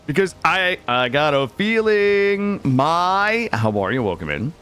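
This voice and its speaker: A man's voice: fairly high pitch, slow pace, smooth, faint music behind. A man streaming a game, chatting casually with viewers, rambling and swearing as he tells stories and greets chat by name. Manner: rambling, animated storytelling, swears freely; greets chat members by name while playing.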